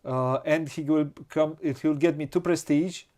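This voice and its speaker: A man with a Romanian accent, a non-native English speaker, hosting a board game playthrough and thinking aloud slowly and hesitantly, with frequent laughs. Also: on the high side, fairly even intonation, darkish tone. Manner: slow, hesitant, muttering to himself, laughs often. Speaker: board game channel host.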